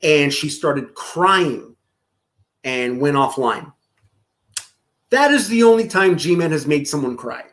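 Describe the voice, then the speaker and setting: A man's voice: fairly high pitch, lively intonation, slow pace, long pauses, fairly bright tone. A man streaming casual reaction commentary, profane and mocking, often breaking into laughter.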